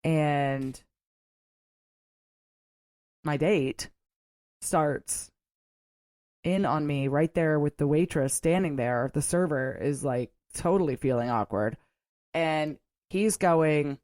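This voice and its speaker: Low-voiced woman chatting casually. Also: a little slow, long pauses, a little mellow, no echo, clean studio sound. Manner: chatty, rambling, laughs often. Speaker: podcast host. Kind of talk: casual solo storytelling.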